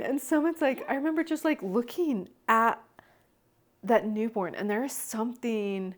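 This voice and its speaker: A young adult woman hosts a relaxed podcast conversation, her slightly high voice bouncing through lively personal stories. She laughs often and drops into quoted voices as she tells them. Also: normal speed. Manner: animated storytelling, laughs often. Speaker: podcast host. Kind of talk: casual chat.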